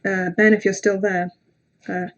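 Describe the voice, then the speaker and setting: A woman hosts a relaxed livestream and talks straight to her viewers. Her speech rambles, full of fillers and restarts, with casual swearing and self-mocking asides. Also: medium pitch, unhurried, dull audio. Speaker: livestream host.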